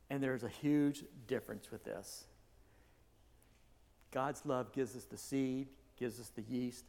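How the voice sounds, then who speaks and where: Man preaching in a reverberant hall. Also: medium pitch. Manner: conversational, self-correcting, rising emphasis. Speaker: pastor. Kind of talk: sermon. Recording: long reverb of a large hall.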